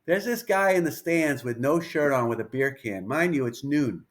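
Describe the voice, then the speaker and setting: A man in his fifties, a pitching coach telling a story in an interview, lively and anecdotal, acting out bits of dialogue. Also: normal speed.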